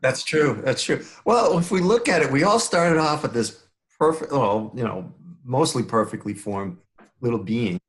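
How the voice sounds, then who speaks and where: A man's voice: mid-range voice, lively intonation, normal speed. An older man from the Bronx with a New York accent, a podcast guest who talks in a playful, joking way and laughs often. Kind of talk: casual interview chat.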